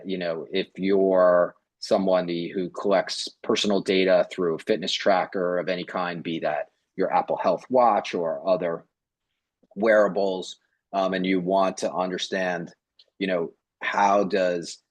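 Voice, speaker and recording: A man's voice: sits low, no room sound. A man who works as a physician, speaking as a panelist and explaining points in a thoughtful way. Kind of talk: panel discussion.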